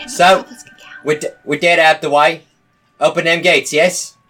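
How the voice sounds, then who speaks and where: A man's voice: on the high side, flat delivery, measured pace, bright, forceful tone, soft background music. A man voicing a crude goblin envoy, putting on an overdone Cockney accent, cocky and mock-polite.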